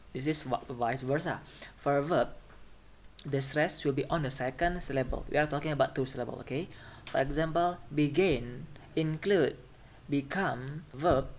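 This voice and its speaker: Man teaching pronunciation. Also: a little high. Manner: repeats example words slowly, checks with "right?". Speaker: phonetics teacher. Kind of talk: classroom lecture.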